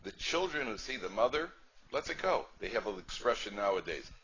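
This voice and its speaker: A man's voice: lowish voice, very animated, a little fast, a bit bright. A male rabbi giving a humorous class, chatty and repetitive, often asking the audience "right?". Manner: chatty, repeats phrases, asks "right?". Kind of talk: humorous lecture storytelling. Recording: dull lo-fi lecture recording, faint noise.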